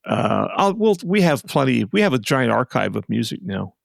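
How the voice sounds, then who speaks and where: Gravelly man rambling in casual chat. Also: mid-range voice, big pitch swings, moderate pace, dry recording, clean studio sound. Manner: rambling, with many restarts and asides. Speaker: podcast co-host.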